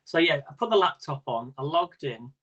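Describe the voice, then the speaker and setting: A man's voice: fairly high pitch, lively intonation, moderate pace, fairly bright tone, lo-fi sound. A man hosting a live-stream quiz in a casual, rambling way, laughing often as he talks. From Britain. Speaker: quiz host.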